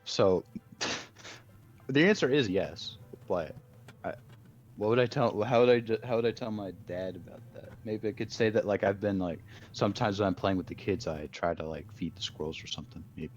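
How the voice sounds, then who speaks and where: A man's voice: lowish voice, moderate pace. A man playing a tabletop game, hesitant and thinking aloud as he decides what to do. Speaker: player. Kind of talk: casual tabletop game play. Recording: dull lo-fi sound.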